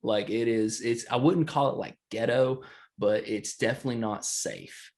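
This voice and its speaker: A man's voice: mid-range voice, moderate pace, darkish tone. A man, co-hosting a casual chat and rambling through a story, laughing often. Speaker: podcast co-host.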